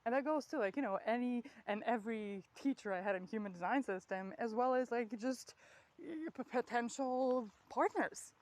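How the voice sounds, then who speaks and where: A woman's voice: a little high, normal speed, a little mellow, poor audio. Rambling, swearing woman on a walk. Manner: rambling, swears a lot, laughs often. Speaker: vlogger. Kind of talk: candid spoken audio diary. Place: outdoors on a walk.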